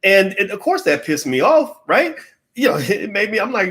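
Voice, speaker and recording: A middle-aged man talking through business negotiation in a casual, animated monologue, acting out the people he quotes and swearing offhand. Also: high-pitched, brisk. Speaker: commentator on business.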